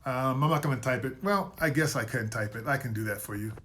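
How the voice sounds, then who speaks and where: A man's voice: medium pitch, fairly quick, a bit bright, a little hiss or hum. A man hosting a live market commentary stream, casually going over trades and price levels, often correcting his own slips. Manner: casual, self-correcting, trips over words; recaps trades with repeated levels and calls.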